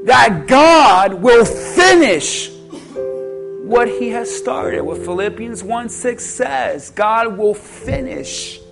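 A man preaching a sermon as pastor, calling out to the congregation and bringing them to a quiet prayer. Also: very high-pitched, lively intonation, very slow, creaky. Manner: preaching with call-and-response, from shouted peaks to a hushed altar call. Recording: music playing under the voice.

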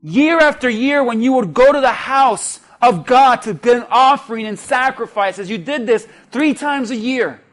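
A male pastor preaching a sermon in a lively way, mixing humor with calls to the congregation. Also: very high voice, normal speed, few pauses.

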